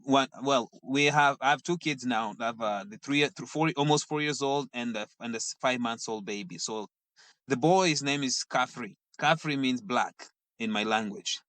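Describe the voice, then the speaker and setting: A middle-aged man from Mozambique, a guest telling animated stories in casual conversation and acting out what his family said. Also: medium pitch, normal speed, dry recording. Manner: animated storyteller who acts out quoted family members. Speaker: guest, dancer.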